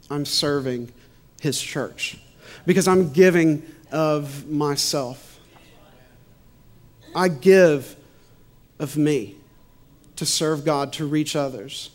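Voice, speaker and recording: Man, slightly high voice, casual spoken testimony, chatty and laughing, repeats phrases like a preacher. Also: extremely slow, pauses often. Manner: chatty storytelling with frequent laughs and "you know"; preacherly repetition on faith points. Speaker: churchgoer telling a personal faith story.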